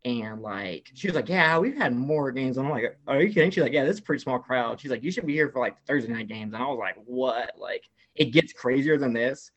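A young man from the American South telling an excited story in casual chat, filling his talk with "like" and acting out what people said. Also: mid-range voice, brisk, few pauses. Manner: excitable storyteller, heavy "like" filler, acts out quotes. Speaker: guest telling a travel story.

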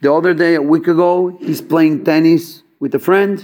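Man, casual storyteller, slightly high voice, filler-heavy, acts out dialogue. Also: normal speed. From Chabad yeshiva student background. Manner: animated, acts out quoted dialogue, many fillers. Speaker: storyteller at a gathering.

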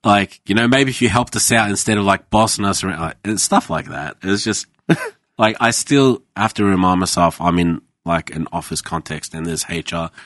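Podcast guest, man, low-pitched voice, dry close sound, swears a lot while telling stories. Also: normal speed, a bit bright, dry recording. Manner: profane, rambling storyteller. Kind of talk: casual podcast chat.

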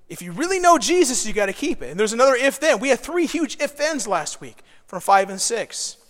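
A man's voice: extremely high pitch, fairly bright tone. A man preaching a sermon as pastor, in a conversational style. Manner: conversational, acts out quoted voices. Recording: long reverb of a large hall.

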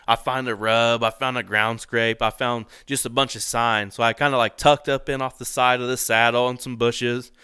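A man telling a story about a hunting trip in a relaxed, conversational way. He laughs often and slips into voices for the people in his tale. His voice is bright and crisp, recorded dry and up close. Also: mid-range voice, dry recording. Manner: animated, laughs often, acts out voices in quotes. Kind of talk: casual storytelling.

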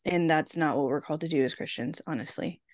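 A woman's voice: low-pitched, quick pace, no room sound, clean studio sound. A woman co-hosting a podcast, asking questions in a rambling, hesitant way with many fillers. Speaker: podcast co-host. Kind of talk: casual chat.

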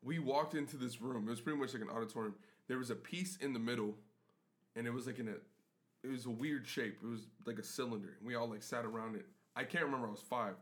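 A man co-hosting a podcast, telling a story in an animated way and swearing heavily. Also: mid-range voice, quick pace. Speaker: podcast co-host. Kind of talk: casual chat.

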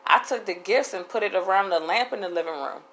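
A woman's voice: mid-range voice, a little fast, a bit bright, a little hiss or hum, poor audio. A woman hosting a casual solo podcast, talking candidly in a rambling way with frequent restarts. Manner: candid, rambling, laughs between thoughts. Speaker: podcast host.

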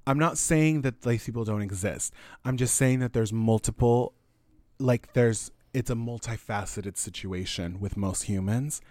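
Animated man co-hosting a casual podcast, swearing freely and darting up into mocking voices. His pitch sits mid-range. The sound is dry and close. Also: measured pace, no room sound. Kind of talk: casual chat.

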